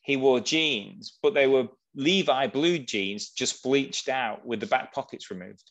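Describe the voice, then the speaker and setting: A man's voice: mid-range voice, a little slow, a bit bright, muffled recording. A man hosting a casual chat about films, reading out talking points. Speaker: podcast host.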